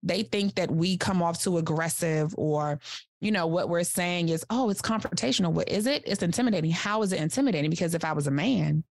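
A woman life coach giving casual podcast advice in a direct, animated way, acting out little examples as she talks. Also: on the low side, fairly quick, no echo, studio quality. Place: studio couch.

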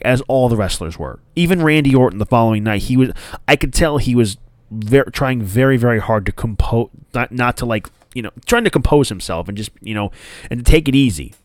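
A man hosting a podcast, ranting casually with plenty of swearing and rambling asides. His voice sits in a middle pitch and is recorded dry and close. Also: dry recording. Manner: profane, rambling, animated. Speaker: podcast host.

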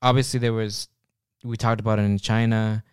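A man's voice: lowish voice, little pitch movement, brisk, smooth, no echo, studio quality. A man co-hosting a casual podcast, rambling and joking at his own expense, often restarting his sentences. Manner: rambling, self-mocking humor with frequent restarts. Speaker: podcast co-host.

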